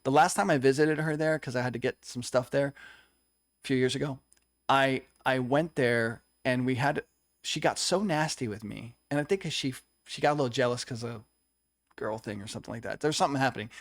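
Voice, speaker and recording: A man's voice: mid-range voice, brisk, dry recording, studio quality. A young man telling a personal story in a conversation, earnest and confessional, acting out what others said. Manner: earnest, confessional, tells stories with quoted dialogue. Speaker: co-host.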